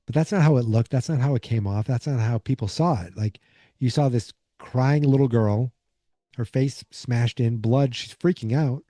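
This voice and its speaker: A sleepy podcast host recaps an episode, rambling loosely with plenty of fillers and asides while struggling to hold back yawns. His voice is deeply mellow and dark, at a moderate pace, recorded dry with no echo or room sound.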